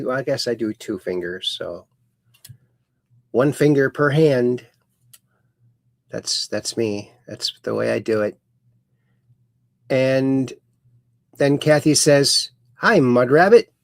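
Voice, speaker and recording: Slow gravelly-voiced man hosting a stream. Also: medium pitch, no echo, studio quality. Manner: slow, chatty, reads chat messages aloud with sudden bright upswings. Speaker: host. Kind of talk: casual livestream chat reading comments.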